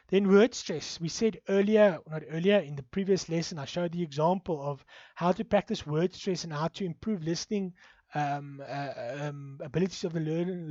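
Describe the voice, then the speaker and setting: A man's voice: high-pitched, a little mellow, dry recording, dull audio. A man with an Afrikaans accent from South Africa, giving a recorded university lecture, hesitant and full of fillers.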